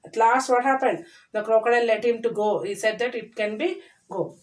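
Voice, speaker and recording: A woman teacher reads a children's story aloud and explains it line by line, repeating and paraphrasing as she goes. Her voice is on the high side and animated. She sounds a little distant from the mic. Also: a little fast.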